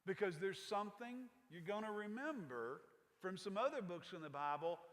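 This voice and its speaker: High-voiced pastor telling a folksy sermon. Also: male voice, expressive, moderate pace, fairly bright tone, big-room sound. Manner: folksy storytelling with casual asides. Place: church sanctuary.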